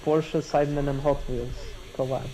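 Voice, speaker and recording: A man's voice: fairly high pitch, level tone, normal speed, mellow, low-quality recording. A man chatting casually on a live stream with dry teasing and short murmured replies. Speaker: stream co-host. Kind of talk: casual chat.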